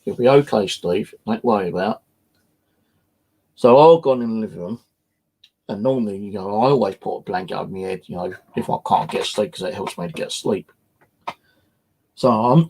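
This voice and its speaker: A man tells a personal story in a loose, rambling way, scattering fillers and swear words. His voice sits low and gravelly, with a husky, slightly rough edge. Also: a little mellow. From England. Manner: rambling, full of "you know" fillers and swearing. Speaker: paranormal investigator and channel host. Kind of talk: casual first-person storytelling.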